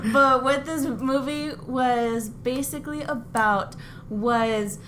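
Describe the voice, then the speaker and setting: Woman, podcast co-host, giggly, hesitant, very unhurried. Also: high-pitched, a bit bright, a little hiss or hum. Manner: giggly, hesitant with many ums. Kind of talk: casual podcast chat.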